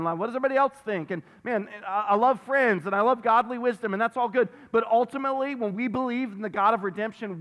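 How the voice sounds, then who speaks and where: A man's voice: high-pitched, fairly bright tone. A man preaching a sermon as pastor, emphatic, repeating phrases for stress and reading scripture aloud. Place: church sanctuary. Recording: long reverb of a large hall.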